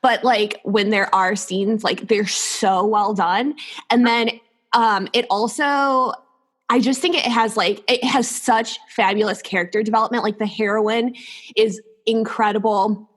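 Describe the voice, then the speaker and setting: A woman's voice: medium pitch, fairly even intonation, measured pace. A woman guest on a book podcast, talking casually and enthusiastically with frequent laughs. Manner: enthusiastic, laughs often, many fillers. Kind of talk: casual chat.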